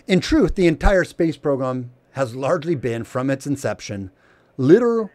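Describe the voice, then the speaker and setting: A man's voice: medium pitch, dark tone, dry recording. A man reading a prepared commentary aloud in a sardonic, emphatic way. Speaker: channel host.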